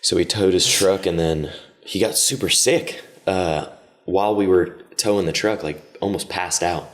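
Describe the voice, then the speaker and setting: Man, very low voice, podcast guest, relaxed storytelling. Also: moderate pace. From Austin area, Texas. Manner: friendly, easygoing, rambling anecdotes. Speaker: podcast guest, jiu-jitsu coach. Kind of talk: casual storytelling.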